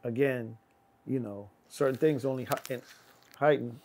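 Middle-aged guy, gravelly voice, animated storyteller who acts out every character. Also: measured pace, slight background noise. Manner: acts out voices of people in his anecdotes, swinging loud and high. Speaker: guest. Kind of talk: animated storytelling in casual chat.

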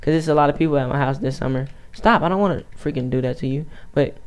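A man chats loosely over his own gameplay, his voice smooth and clear. He stutters, restarts sentences and wanders off topic as he plays. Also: on the high side, fast talker. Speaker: YouTube gamer. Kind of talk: casual gameplay commentary.

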